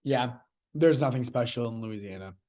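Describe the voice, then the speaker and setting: A man's voice: mid-range voice, moderate pace, warm tone. A man co-hosting a casual podcast, giving short, blunt, dismissive replies. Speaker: podcast co-host.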